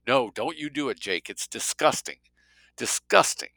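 A man's voice: mid-range voice, expressive, normal speed, fairly bright tone, dry recording, voice pushed up, low-quality recording. Man putting on an indignant pained woman. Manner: indignant, pleading.

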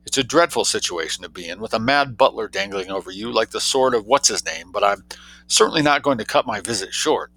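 A man reading an audiobook, voicing a chatty, excitable young society woman who asks eager questions in a raised voice. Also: on the low side, a little fast.

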